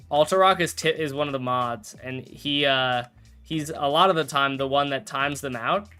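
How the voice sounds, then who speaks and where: A man's voice: mid-range voice, bright, forceful tone, clear, resonant tone. A young man chatting casually on a live stream while playing a game, rambling, correcting himself and joking with chat. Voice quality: rambling, self-correcting, jokey.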